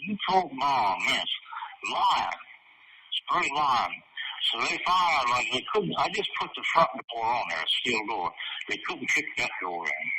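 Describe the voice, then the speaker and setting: Rambling, profane man on a distant noisy line. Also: on the low side. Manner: rambling, profane, chuckles at his own story. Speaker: interviewee. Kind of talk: casual storytelling in an interview.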